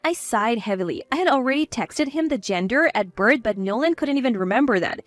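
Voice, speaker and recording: A woman's voice: fairly high pitch, expressive, a little fast, no room sound, soft background music. A woman narrating a first-person story in a cool, firm manner.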